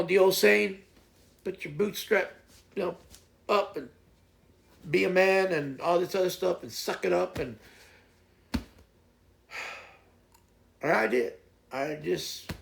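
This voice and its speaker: A man's voice: high voice, creaky, fairly bright tone. A man hosting a casual morning stream, rambling through folksy stories and advice. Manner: rambling, folksy, retells stories with voiced quotes. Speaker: live streamer host. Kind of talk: casual morning chat and storytelling.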